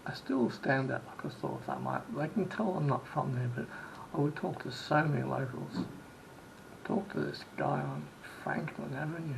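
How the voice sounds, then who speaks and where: A man's voice: medium pitch, gravelly, slight background noise, rough recording. A man from Sydney telling a rambling travel story in a casual vlog, full of restarts and quoted exchanges. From Australia. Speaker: vlogger.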